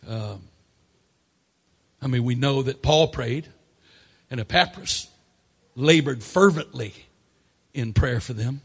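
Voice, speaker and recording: A man preaching a sermon, swinging between loud emphatic declarations and quiet asides. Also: medium pitch, slow, long pauses, slightly rough.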